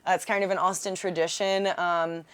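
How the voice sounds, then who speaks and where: A woman's voice: fairly low pitch, little pitch movement, fairly quick, smooth. A woman from Texas co-hosting a casual comedy chat, cheerful and laughing often. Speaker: comedy show co-host.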